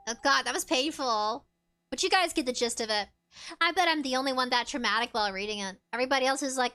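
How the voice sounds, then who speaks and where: A woman's voice: sits high, fast, pushed and bright, smooth, soft background music. A young woman streaming a game, chatting casually and giggling as she reads chat aloud.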